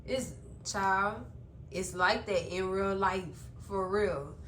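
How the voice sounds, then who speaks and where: A woman chatting casually to her viewers as she recaps a TV episode, expressive and talkative. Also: medium pitch, slow pace, roomy sound, a little hiss or hum. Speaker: TV recap vlogger.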